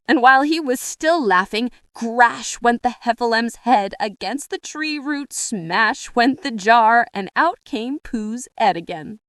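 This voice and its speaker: A woman narrating a children's storybook in a lively, expressive way. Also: on the high side, unhurried, no room sound, studio quality. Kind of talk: storybook reading.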